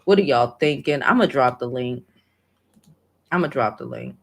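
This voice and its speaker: A woman's voice: rumbling low, expressive, normal speed, gravelly, husky. A woman hosting a casual livestream, talking emotionally and emphatically, swearing freely and repeating hopeful affirmations over and over. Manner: emotional and heartfelt. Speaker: livestream host.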